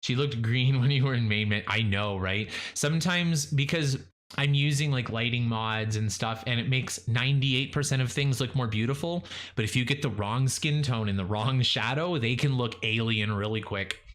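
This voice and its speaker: Brief: male live streamer, casual gameplay chat, rambling with fillers, mid-pitched, animated bursts. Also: moderate pace. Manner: rambling, many fillers and restarts; animated, jumps up in pitch when excited.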